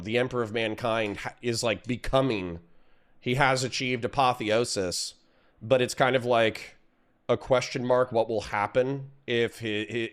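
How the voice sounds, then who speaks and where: A man in his thirties hosts a morning livestream and rambles casually about whatever comes to mind. His voice is smooth and clean, and it sits at an ordinary middle pitch. He drifts loosely from one thought to the next and lets out a yawn every so often. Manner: rambling, chatty, yawning between thoughts. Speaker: streamer.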